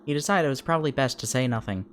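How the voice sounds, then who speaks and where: A man's voice: mid-range voice, lively intonation, very fast, soft background music. Giggly male streamer reading game text. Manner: giggly, chatty, reads the game text aloud. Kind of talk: casual live-stream commentary and reading aloud.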